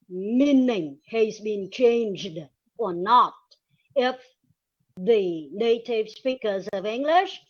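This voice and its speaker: Slow, deliberate woman presenting a lecture. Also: mid-range voice. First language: Vietnamese. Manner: slow, deliberate reading with pauses. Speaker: webinar presenter. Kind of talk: reading a linguistics presentation. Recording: dull lo-fi recording.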